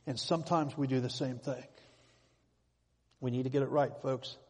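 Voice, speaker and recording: A man's voice: medium pitch, steady tone, normal speed, a little mellow, breathy edge, long reverb tail. A man preaching a sermon, telling stories with sudden emphatic swells. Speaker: pastor.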